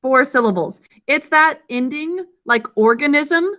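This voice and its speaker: A woman teaching an online reading lesson over a video call, sounding out words slowly and clearly syllable by syllable. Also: high voice, pushed and bright.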